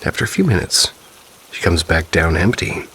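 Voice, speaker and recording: A man reading submitted ghost stories aloud in calm, measured scripted narration. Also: low voice, slight background noise, poor audio.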